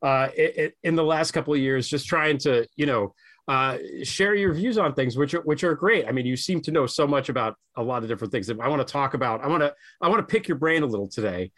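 A man's voice: medium pitch, animated, quick pace, a bit bright. A man hosting his podcast, speaking earnestly and emphatically, sometimes rambling as he interviews a guest. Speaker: podcast host.

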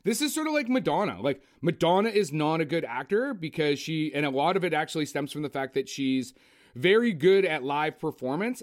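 Man, casual film chat, profane rant, slightly higher voice. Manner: profane, ranting, animated. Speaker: podcast co-host.

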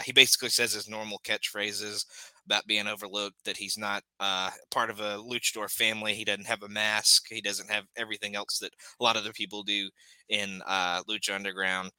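A man hosts a laid-back podcast, walking through each match in a bright, crisp voice that sits a little low. He talks loosely, with fillers between beats, recorded dry and close. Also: fairly quick, dry recording, low-quality recording. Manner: relaxed, recaps matches play by play with many fillers. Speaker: podcast host. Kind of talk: casual podcast chat and match recap.

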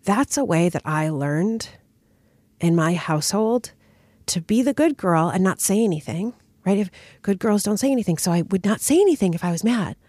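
Candid woman host talking lively, getting over a cold. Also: mid-range voice, moderate pace, no room sound, clean studio sound. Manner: candid and expressive, frequent "like" and "right?". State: recovering from a cold. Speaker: podcast host. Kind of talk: personal storytelling monologue.

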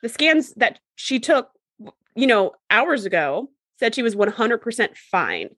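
A woman's voice: fairly high pitch, measured pace, no room sound. Dry, close-sounding woman co-host. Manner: chatty, relaxed storytelling with playful acted quotes. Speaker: podcast co-host. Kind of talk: casual chat.

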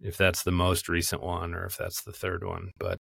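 A man co-hosting a podcast in casual chat, animated and quick to laugh. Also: sits low, vocal fry, husky, no echo, studio quality. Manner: animated, breaks into mocking impressions and laughs. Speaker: podcast co-host.

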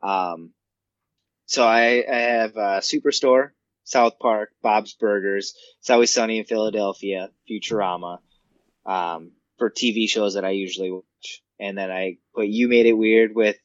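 A man co-hosting a podcast in casual chat, easygoing and quick with short agreeing replies. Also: fairly low pitch, dry recording, highs cut off. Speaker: podcast co-host.

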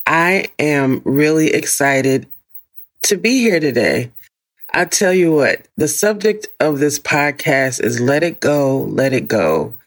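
A woman hosting a podcast, talking casually in a deep morning voice and laughing often. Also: animated. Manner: warm, chatty, laughs often, slow deliberate phrasing. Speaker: podcast host. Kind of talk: casual solo podcast talk.

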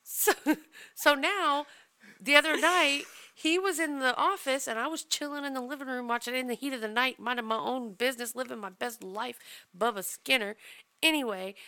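A woman's voice: fairly high pitch, bright, forceful tone, clear, resonant tone. A woman co-hosting a podcast, telling an anecdote in casual chat, laughing and swearing casually. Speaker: podcast co-host.

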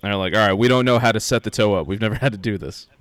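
A man in casual podcast chat, telling an animated story and acting out what people said. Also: fairly low pitch, very fast, smooth, no room sound. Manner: animated storyteller, acts out quoted lines.

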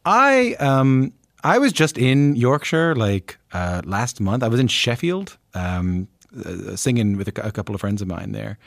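A man's voice: mid-range voice, sing-song, a little slow, gravelly, fairly bright tone, no room sound. Chatty host guy from newfoundland, casual and loose, dry close mic. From Newfoundland, Canada. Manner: easygoing, chatty, with frequent fillers. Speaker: interview host. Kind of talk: casual conversational interviewing.

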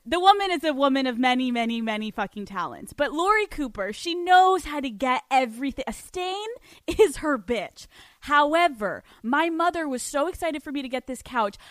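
A woman podcast host with a high voice tells a story casually and with plenty of energy. She swears freely and often laughs between words. The sound is dry and close, with no room echo. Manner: animated, profane, laughs often mid-sentence.

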